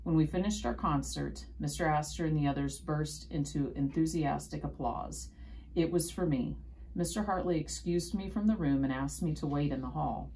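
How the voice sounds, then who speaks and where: A woman reading a children's storybook aloud in steady first-person narration. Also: low voice, normal speed, gravelly, slight background noise, low-quality recording.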